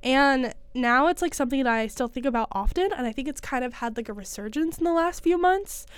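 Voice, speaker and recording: A woman's voice: high voice, lively intonation, brisk, clean tone, dry recording. A young American woman co-hosting a podcast in casual chat, giggly and full of fillers, her nose stuffed up from a cold. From United States. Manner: chatty, giggly, with many fillers. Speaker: podcast co-host.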